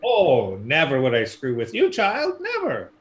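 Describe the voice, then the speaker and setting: A sly, creaky old woman who poles a barge across dark water, put on by a man. Her voice is high and cracking, leaps wildly up and down, and teases with every word. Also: wildly swooping pitch, unhurried. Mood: teasing. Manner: sly, teasing.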